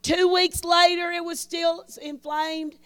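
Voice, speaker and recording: A woman's voice: extremely high pitch, level tone, takes it slowly, dry recording. A woman preacher, telling a folksy testimony in a sermon and acting out the voices of people in her story.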